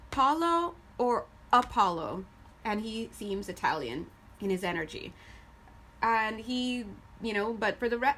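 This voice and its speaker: A woman giving a casual tarot reading to her viewers. She is chatty and animated, often laughing as she goes. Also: fairly high pitch, a little hiss or hum. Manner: addresses viewers directly. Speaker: tarot reader.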